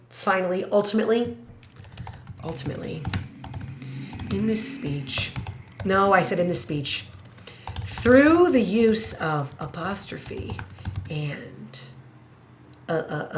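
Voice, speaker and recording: A woman teacher thinking out loud as she writes an essay paragraph, musing, hesitating and correcting herself as she goes. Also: lowish voice, animated, slow, noisy background. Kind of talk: thinking aloud while writing an essay paragraph.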